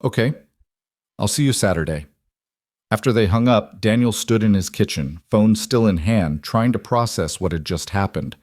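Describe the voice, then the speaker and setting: A man reading a scripted story as narrator, in an even, measured way. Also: on the low side, no room sound, clean studio sound.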